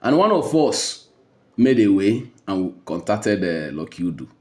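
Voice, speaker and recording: A man with a Nigerian accent recounts a personal story in a low, mellow voice. He speaks in a measured, hesitant way, pausing on fillers. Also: very animated.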